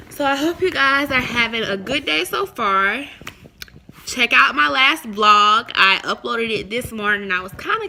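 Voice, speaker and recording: A woman's voice: fairly high pitch, vocal fry. A young woman talking casually to her phone camera in a chatty, slangy, rambling way, partly outdoors by a parked car. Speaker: vlogger. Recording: loud street noise outdoors.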